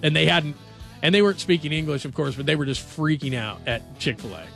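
A male sports radio host in a radio studio, talking in a chatty, animated and jokey way. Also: on the high side, fast talker, vocal fry, faint music behind. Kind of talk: casual sports talk.

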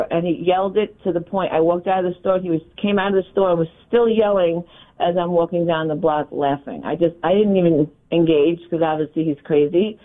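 A woman teacher calling in to a radio show, telling her story in an animated way. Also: fairly low pitch, a little fast. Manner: animated storytelling, laughing asides. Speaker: caller, teacher. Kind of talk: call-in phone conversation. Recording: tinny phone line.

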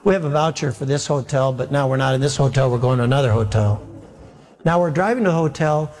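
A male pastor telling a wry, animated story during a sermon. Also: mid-range voice, quick pace, long reverb tail. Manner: animated, wry anecdotal delivery.

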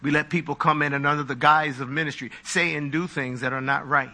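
A male pastor preaching a live sermon in a high, ringing voice. His delivery is animated and full of humorous, mocking asides as he works the congregation. He sounds very bright and forceful. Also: fairly quick.

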